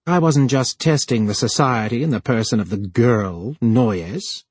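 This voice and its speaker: A male narrator voicing a plump, scheming male official who sneers and then pleads in a higher voice. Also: measured pace, a little mellow, husky, no echo. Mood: scornful.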